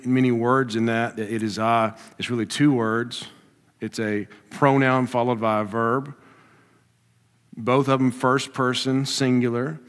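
A man preaching a sermon to a congregation, animated, swinging from loud emphatic lines to low asides. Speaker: pastor. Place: church sanctuary with a congregation. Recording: reverberant hall.

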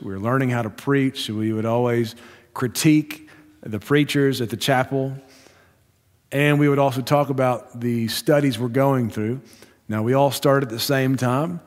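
Male preacher with long hall reverb. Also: mid-range voice. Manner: measured, storytelling, with slow emphatic stretches. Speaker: Baptist pastor. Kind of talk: sermon.

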